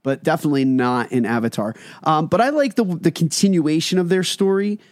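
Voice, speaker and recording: Upbeat male podcast co-host, high voice, dry close sound, laughs easily. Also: animated, a little fast, no room sound. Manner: enthusiastic, laughs often. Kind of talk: casual chat.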